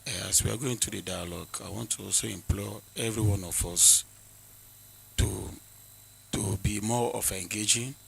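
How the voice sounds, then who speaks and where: Deep, gravelly Nigerian man, earnest speechmaker who hesitates often. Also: moderate pace, fairly bright tone, a little hiss or hum, poor audio. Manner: earnest, exhorting, with frequent hesitations. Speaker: forum speaker. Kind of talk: formal address at a forum.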